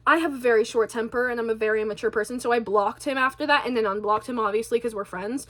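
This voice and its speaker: High-pitched rambling woman vlogger. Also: fast talker, few pauses, a bit bright. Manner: stutters; chatty, rambling, self-deprecating. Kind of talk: casual rambling monologue.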